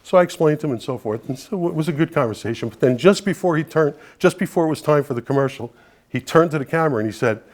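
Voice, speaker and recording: A man's voice: a little high, animated, quick pace, a little mellow. A man leading an advocacy group, giving a conversational, persuasive talk to an audience and often dropping in asides. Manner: earnest, persuasive, with frequent "you know" asides.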